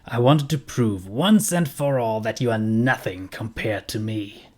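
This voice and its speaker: A man's voice: lowish voice, unhurried. A man doing a bitter, menacing scientist father. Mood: cold, contemptuous. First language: German. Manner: cold, contemptuous and menacing. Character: bitter, envious middle-aged male scientist father.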